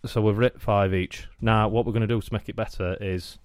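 A man's voice: fairly low pitch, fairly even intonation, fairly quick, clean tone, no echo, studio quality. A man co-hosting a podcast in casual chat, joking, rambling and poking fun at himself. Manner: joking, rambling, self-mocking. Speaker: podcast co-host. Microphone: wearing headphones at a podcast mic.

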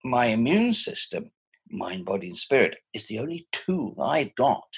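A man in his sixties with a husky voice, speaking thoughtfully and animatedly from home over a video call. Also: medium pitch, moderate pace. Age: 60s. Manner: thoughtful, animated, chuckling often. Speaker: interviewee. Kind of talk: reflective personal conversation.

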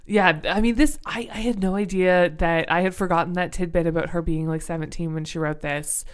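A young woman with a smooth, clear voice that sits a little low, chatting on a book podcast. She talks thoughtfully and hedges often, circling back with frequent fillers as she looks for the right word. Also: steady tone, a little fast. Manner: thoughtful, hedging with many fillers. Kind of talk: casual book discussion.

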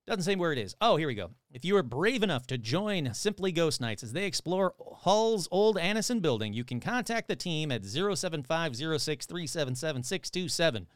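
Sarcastic podcast host man, lively voice. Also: fairly high pitch, brisk, few pauses, no room sound. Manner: sarcastic, irreverent, reads news aloud with asides. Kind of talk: casual podcast commentary.

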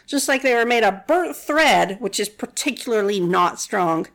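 A woman's voice: fairly high pitch, expressive, normal speed, hardly any pauses, fairly bright tone. A woman casually retelling a Bible story in a chatty, sarcastic way, full of "like". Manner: chatty and sarcastic, many "like" fillers.

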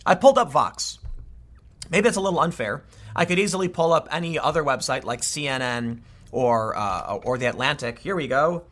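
A man's voice: a little high, lively intonation, moderate pace, fairly bright tone. A man giving casual political commentary, exasperated and ranting, with frequent restarts.

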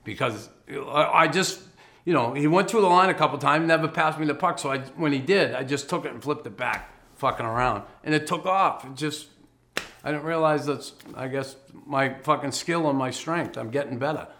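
A man's voice: on the high side, moderate pace, sharp tone. A man, a former pro hockey player, telling his life story in a casual, blunt way, swearing freely and chuckling as he goes. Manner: blunt, profane, chuckles while telling stories.

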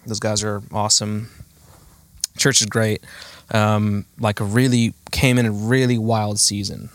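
A man's voice: fairly low pitch, level tone, a little slow, dry recording. A man in his thirties hosting a podcast, chatting casually in a rambling, self-mocking way full of fillers. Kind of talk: casual chat.

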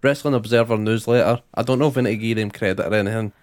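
A man's voice: lowish voice, racing. A man with a Scottish accent co-hosting a casual wrestling podcast, laid-back and sweary, laughing along with his co-host.

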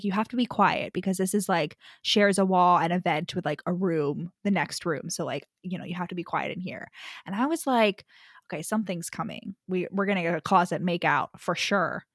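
A woman's voice: on the low side, a little fast, no echo, clean studio sound. A woman co-hosting a book podcast in casual chat, rambling with lots of "like" and frequent laughter. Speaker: podcast co-host.

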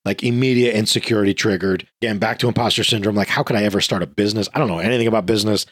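Man, deep-ish voice, frank guest telling his story, dry close mic. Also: racing, a bit bright, breathy edge, no room sound. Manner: frank and self-deprecating. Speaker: podcast guest, former police officer. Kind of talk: candid conversational answer.

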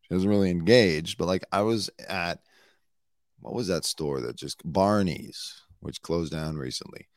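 A man hosting a casual comedy news show, talking bluntly in a hoarse voice, swearing and drifting into asides. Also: low voice, measured pace, dry recording, clean studio sound. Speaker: show host and former celebrity news producer.

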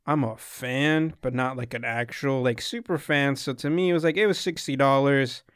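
A young man rambles through a long story in casual chat, swearing a lot and acting out what people said. At a moderate pace, his mid-range voice sounds a bit bright and clean, with no echo and clean studio sound.

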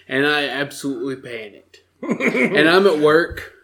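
Excitable man telling a story. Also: a little high, a little slow. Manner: animated, laughing storyteller. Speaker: podcast co-host. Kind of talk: casual storytelling chat.

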